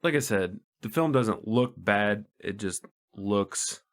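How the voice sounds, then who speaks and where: Male co-host, lower voice, easygoing, swears casually. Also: expressive, slow. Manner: laid-back, short agreeing replies, swearing. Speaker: podcast co-host. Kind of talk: casual movie-review chat.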